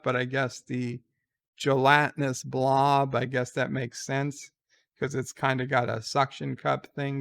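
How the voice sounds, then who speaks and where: A man's voice: a little high, gravelly, clear, resonant tone. A man giving casual reaction commentary on a trailer, sarcastic and exasperated as he gripes. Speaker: trailer reviewer.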